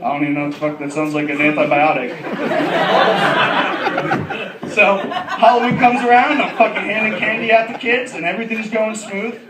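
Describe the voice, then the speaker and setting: A man's voice: high-pitched, normal speed, pauses often, very noisy. A man doing a stand-up comedy set, brash and profane, laughing through his lines. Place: comedy club. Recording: echoey club, distant mic, loud crowd.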